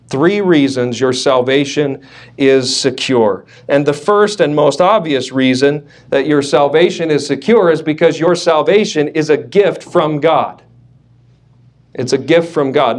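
A man preaching a sermon as pastor, emphatic, leaning on repeated words, with light joking asides. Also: a little high.

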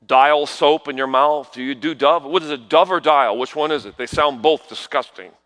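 A middle-aged man preaching a sermon, swinging from hushed asides to loud proclamations and asking the congregation questions. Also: on the high side, normal speed. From New York. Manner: peppers talk with rhetorical questions to the congregation.

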